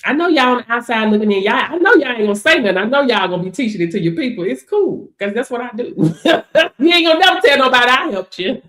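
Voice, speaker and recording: Talking straight to camera, a woman who works as a business coach motivates her audience casually, with sass and emphasis, frequent laughter, and plenty of "baby." She talks fast and animated, her fairly high voice a bit bright in an echoey room.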